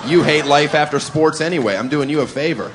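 A man's voice: on the high side, brisk, noisy background. Sardonic stand-up comedian man. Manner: sardonic, builds to shouting. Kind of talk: stand-up routine.

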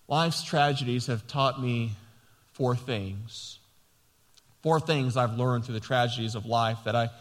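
A male pastor preaching a sermon, building to emphatic, repeated cries and then dropping back to calm teaching. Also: fairly high pitch, in a large hall. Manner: preaching with rising, emphatic passion and repetition.

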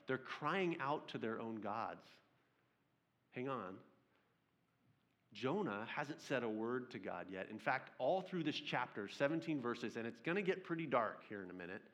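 A male pastor preaching a sermon, reading scripture aloud and retelling it as lively storytelling with questions to his listeners. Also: mid-range voice.

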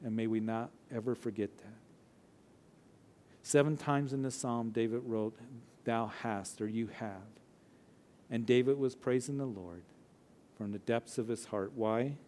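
A man's voice: medium pitch, warm tone, a little hiss or hum. Emphatic male pastor preaching. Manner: emphatic preaching with deliberate, slowed phrases. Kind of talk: verse-by-verse sermon. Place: church.

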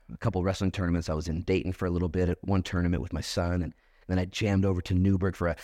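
A man's voice: on the low side, no room sound, studio quality. Conversational, emphatic male pastor preaching. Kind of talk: sermon. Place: church service.

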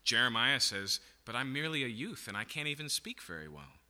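A man's voice: medium pitch, very animated, a little fast, sharp tone, big-room sound. A man preaching a sermon, teaching through a Bible passage and checking in with the room with "okay?" and "right?". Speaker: pastor.

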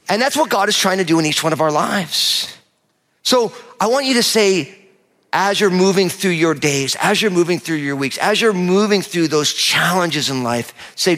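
A middle-aged pastor from New Jersey preaches with a lively, conversational delivery, slipping into quoted voices to make his points. His voice sits a bit high for a man. It rings out with a long reverb across a large church hall. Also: moderate pace. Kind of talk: sermon.

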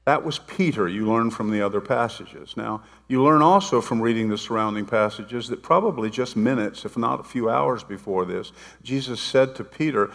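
A man preaches to his congregation, mixing scripture retellings with casual, playful asides. His voice has a gravelly edge. The sound carries a long reverb from a large sanctuary. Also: medium pitch, normal speed, hardly any pauses, fairly bright tone. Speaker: pastor. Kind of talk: sermon. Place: church sanctuary.

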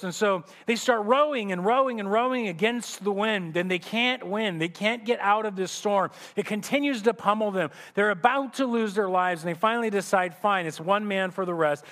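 A male pastor with a high, fairly bright voice preaches a sermon, telling a story vividly and often restarting his phrases. He is in a church sanctuary, and the recording carries the echoey reverb of a church hall.

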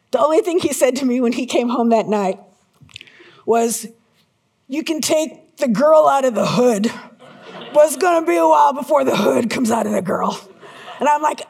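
A middle-aged woman preaching a sermon to her church, telling a personal story with lively, acted-out moments. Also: a little high. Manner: animated storyteller, acts out her own panic in shouts. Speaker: pastor.

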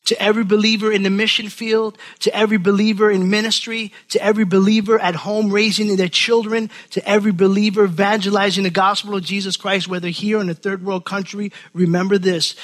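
A man preaching a sermon, animated, repeating words and acting out the voices of the people he quotes. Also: high-pitched.

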